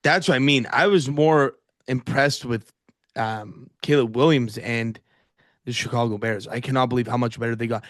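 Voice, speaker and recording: A man's voice: mid-range voice, normal speed. Guy hosting a sports podcast, teasing and dry, no room echo at all. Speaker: podcast host. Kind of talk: casual sports podcast chat.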